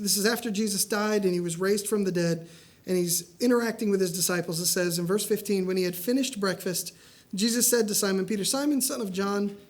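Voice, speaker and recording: Man, preacher, sermon, animated storytelling, acts out dialogue. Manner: animated storytelling, acting out dialogue with rising pitch.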